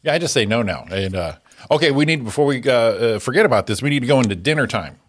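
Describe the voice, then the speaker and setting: A man hosting a morning radio show, chatting in a relaxed, blunt way and steering the talk to the next segment. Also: medium pitch, fast talker. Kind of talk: casual radio chat.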